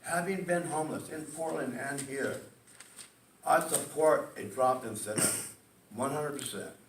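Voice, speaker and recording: A man's voice: mid-range voice, measured pace, recorded from a distance, background noise. Emotional man speaking in an echoey hall. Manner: emotional, emphatic, repeats "okay?". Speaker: community meeting speaker. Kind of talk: public testimony at a meeting. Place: community meeting room. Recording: echoey hall, picked up from afar.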